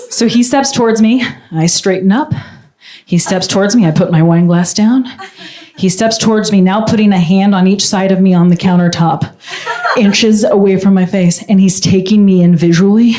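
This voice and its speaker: A woman telling a stand-up comedy story, animated and jumping in pitch. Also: a little fast. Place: comedy club stage. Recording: echoey club room, audience noise.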